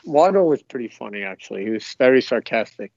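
Upbeat former footballer, dull lo-fi audio. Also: male voice, medium pitch, very animated, fast talker, vocal fry, darkish tone, no room sound. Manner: upbeat, laughing, rambling storyteller. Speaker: guest, former professional footballer. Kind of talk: casual podcast interview.

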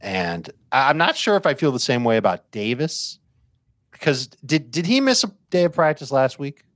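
A man discussing fantasy football picks in casual chat, thinking his opinions through out loud. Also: medium pitch, sing-song, moderate pace, dry recording, studio quality.

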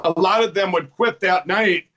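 A man with a notably high voice tells his life story as an interview guest. He rambles earnestly, retelling old conversations line by line with a string of "I said"s, and now and then laughs at himself. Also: moderate pace, pushed and bright, muffled recording. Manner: rambling, repeats "I said" while retelling dialogue. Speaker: guest telling his testimony. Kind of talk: personal storytelling.

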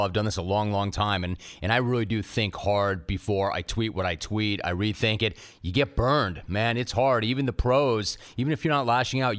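A man's voice: lowish voice, a bit bright. A man hosting a talk radio interview, brash and playful, tossing in mock-dramatic readings. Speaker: radio talk show host. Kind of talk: interviewing a guest.

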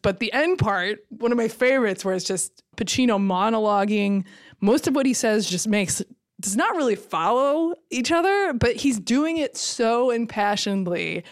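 A woman hosting a film podcast, retelling a movie plot in a lively, wry way with many fillers. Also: fairly high pitch, normal speed. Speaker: podcast host. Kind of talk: casual discussion.

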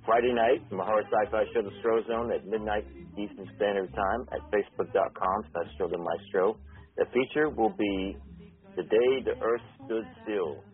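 Laid-back low-voiced co-host. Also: male voice, fairly even intonation, soft background music. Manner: laid-back, halting, with fillers. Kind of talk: casual promo chat. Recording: tinny phone-like sound.

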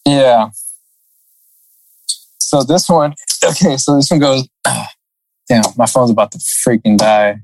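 A man's voice: mid-range voice, steady tone, slow, vocal fry, long pauses, a little mellow, slight background noise, poor audio. A man casually chatting on a podcast, reading funny reviews aloud with lots of laughing and swearing. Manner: laughs often, swears freely, sing-song reading. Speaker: podcast co-host.

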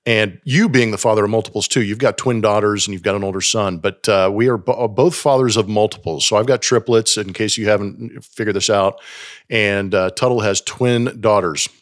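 A man in his forties, co-hosting a podcast, telling home stories in a lively, animated way. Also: lowish voice, moderate pace. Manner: animated storyteller, acts out his daughters' voices. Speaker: podcast co-host. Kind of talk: casual chat.

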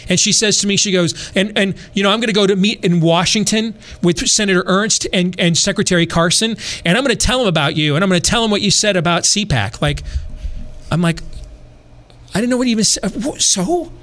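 A man hosting a podcast, telling a long personal story in a casual, animated way, repeating himself and adding dry asides. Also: high voice, quick pace, hardly any pauses. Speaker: podcast host.

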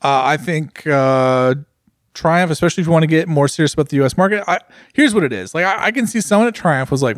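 A young man co-hosting a casual podcast chat, animated and rambling, filling his speech with "like". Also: fairly high pitch, fast, dry recording, clean studio sound. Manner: animated, rambling, heavy use of "like". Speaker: podcast co-host.

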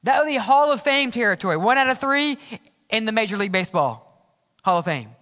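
A man preaching a sermon as pastor, swinging from loud exclamations to hushed, quiet lines. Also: high voice, sing-song, brisk. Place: church sanctuary. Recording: church hall reverb.

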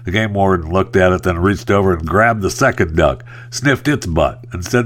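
A man's voice: low-pitched, moderate pace, few pauses, fairly bright tone. A male talk host rambling through news items in a wry, joking way and telling a long joke. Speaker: radio host. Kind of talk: casual talk-show monologue.

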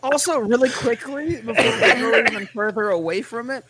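A man's voice: very high-pitched, a little fast, noisy background. A man co-hosting a sports podcast, cursing and laughing through casual banter. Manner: profane, laughing, jokey. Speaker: podcast co-host.

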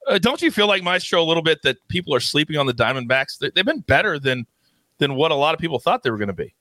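A man hosting a sports betting show with energetic, playful hype and big swings in his delivery. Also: fairly high pitch, fast, dry recording. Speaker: host.

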